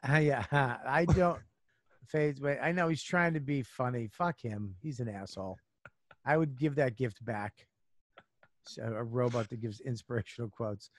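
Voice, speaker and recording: A comedian man talking on a podcast in a middle-pitched voice. He hands out gruff, blunt advice full of swearing. The sound is dry and close, with no room around it. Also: moderate pace, dry recording. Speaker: comedian guest. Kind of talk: casual podcast chat.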